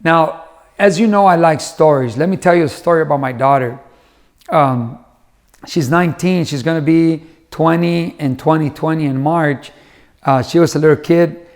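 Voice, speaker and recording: Telling family stories in a conversational motivational talk, this middle-aged man acts out the voices of the people he quotes. He speaks at a normal speed with a fairly high pitch.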